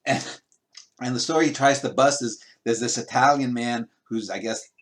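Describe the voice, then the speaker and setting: A man's voice: mid-range voice, moderate pace. Rambling male interviewer on a video call. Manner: rambling questions full of restarts and fillers. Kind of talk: casual remote interview.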